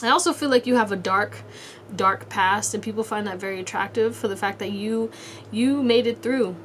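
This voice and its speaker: A woman's voice: medium pitch, normal speed, a bit bright, a little hiss or hum. A woman giving a casual pick-a-card tarot reading, speaking straight to the viewer in a slangy, blunt way and swearing freely. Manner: talks straight to the viewer in second person. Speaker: tarot reader.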